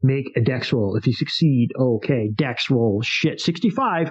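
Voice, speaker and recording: A man hosting a show in which he plays a solo tabletop horror adventure, reading it aloud with animated asides and casual swearing. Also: mid-range voice, normal speed, few pauses, slightly rough, no room sound, highs cut off. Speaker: host playing a solo tabletop game.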